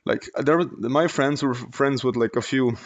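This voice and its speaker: Young man, late teens, casual storytime, rambling, many fillers, mid-pitched voice. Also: normal speed. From Slovenia. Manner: rambling, lots of fillers and self-corrections, laughs while telling. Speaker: vlogger, storyteller.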